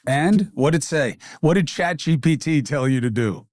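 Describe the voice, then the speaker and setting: A man's voice: a little high, expressive, normal speed, a little mellow, no room sound, studio quality. A man hosting an interview, blunt and assertive, cutting in to push his own opinions. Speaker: podcast host, interviewer.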